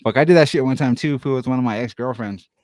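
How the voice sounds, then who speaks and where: A man's voice: medium pitch, fast, a little mellow, no room sound. A young man from Denver telling rambling, profane stories in a casual podcast chat, laughing as he goes. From Denver, USA. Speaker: podcast co-host.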